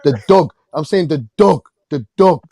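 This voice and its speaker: A man's voice: fairly high pitch, a little slow, vocal fry, mellow, no room sound. A man in a casual boxing debate, insistent, repeating himself and laughing often. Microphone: phone call.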